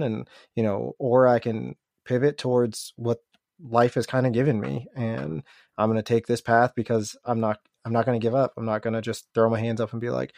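A man's voice: medium pitch, flat delivery, moderate pace, vocal fry, darkish tone, no room sound, clean studio sound. A man hosting a podcast interview, responding in an encouraging, conversational way. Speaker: podcast host. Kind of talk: casual interview chat.

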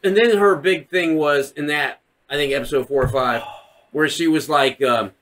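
A man's voice: a little high, moderate pace, a bit bright. A man co-hosting a podcast, chatting casually and profanely, acting out scenes with silly voices. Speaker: podcast co-host. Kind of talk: casual chat.

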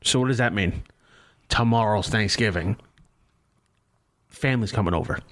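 A man's voice: fairly low pitch, normal speed, a bit bright. A young man on a podcast telling a rambling, profane story about himself in casual chat, laughing at himself. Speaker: podcast co-host.

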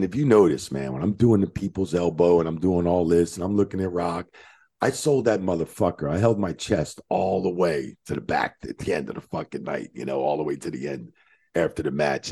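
A man with a very low, gravelly voice and a dark, husky tone tells wrestling-road stories in loose chat, swearing freely and jumping up in pitch when he acts out what others said. He is from New Jersey, and the sound is dry and close. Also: a little fast, dry recording. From New Jersey, USA. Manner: animated storyteller, swears freely, acts out quotes. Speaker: retired wrestling referee, guest. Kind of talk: casual chat.

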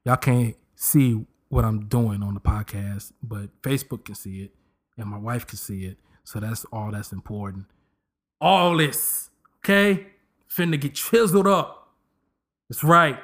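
A man's voice: medium pitch, measured pace. A man in his thirties hosting a podcast, giving a comedic casual monologue and slipping into voices as he jokes. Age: 30s. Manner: animated, joking, slips into voices. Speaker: podcast host.

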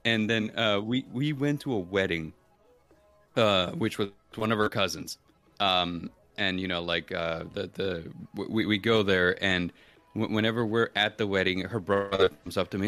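A man on a casual chat stream, telling a story and acting out the people in it. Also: normal speed. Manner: animated, acts out quoted people with sudden high pitch jumps. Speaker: stream guest.

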